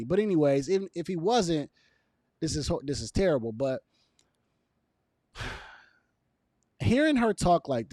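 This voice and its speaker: Man, casual video commentary, emphatic, repeats himself, chuckles, lively voice, dry close sound. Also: mid-range voice, no echo. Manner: emphatic, repeats his points, chuckles between lines. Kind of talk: casual opinion commentary to camera.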